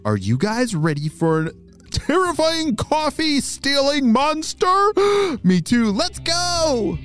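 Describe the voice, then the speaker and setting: A man's voice: extremely high pitch, wildly swooping pitch, takes it slowly, fairly bright tone, soft background music. A man hosting and narrating children's stories in an enthusiastic, playful way. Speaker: children's storyteller and host. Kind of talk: animated story narration for kids.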